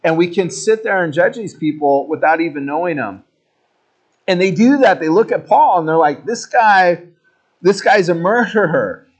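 Pastor, male, slightly higher voice, casual animated storyteller in the pulpit. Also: normal speed. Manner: conversational, animated storytelling with jokey asides. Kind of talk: sermon.

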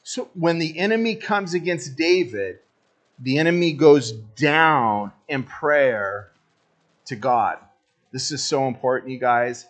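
A man's voice: mid-range voice, expressive, slow pace, fairly bright tone. A man preaching a sermon as pastor, casual and joking, talking straight to the congregation.

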